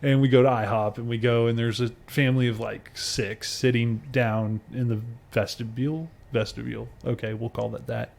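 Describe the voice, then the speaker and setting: A male podcast co-host chatting casually with a friend, his voice sitting in a middle pitch range. He tells stories with a lot of energy, acting out the people in them and laughing as he goes. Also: moderate pace, vocal fry, few pauses. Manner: animated storyteller who acts out the people he quotes and often breaks into laughter.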